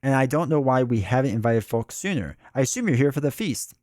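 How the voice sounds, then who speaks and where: A man's voice: medium pitch, lively intonation, fairly quick, a little mellow, no echo, studio quality, natural voice. A man reading as an eager young local guy.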